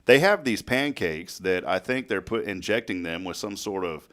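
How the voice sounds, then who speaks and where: A man with a somewhat low voice hosts a local morning talk show. He tells loose, rambling stories, stops for fillers and laughs often. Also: animated, moderate pace, fairly bright tone. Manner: chatty storyteller, laughs often, many fillers. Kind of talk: casual chat.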